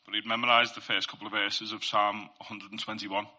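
A man's voice: lowish voice, little pitch movement, brisk, pushed and bright. A man giving an informal Christian faith talk. He speaks earnestly and conversationally, sharing testimony and addressing listeners directly.

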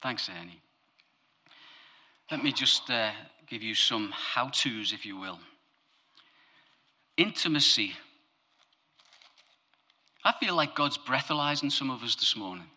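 A man preaching a lively, humorous sermon, his voice climbing to emphatic high peaks and dropping low for asides. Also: takes it slowly, long pauses.

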